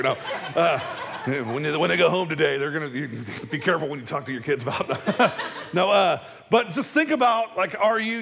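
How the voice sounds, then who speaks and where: A male pastor giving a casual, conversational sermon, chatty with joking asides and quick acted-out voices. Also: on the high side, gravelly, fairly bright tone, big-room sound. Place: church hall.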